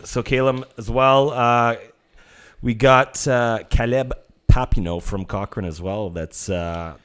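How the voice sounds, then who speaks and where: A man's voice: mid-range voice, steady tone, slow, fairly bright tone, clear, resonant tone. A man co-hosting a casual hockey podcast, a little nervous and stumbling over names. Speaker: podcast co-host, youth hockey coach.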